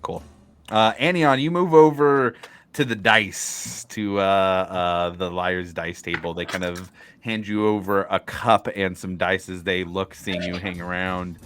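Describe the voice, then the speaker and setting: Low-voiced, hesitant man running a game. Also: fairly even intonation, a little slow, a bit bright, a little hiss or hum. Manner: hesitant, full of fillers. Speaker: game master. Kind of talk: narrating a tabletop game.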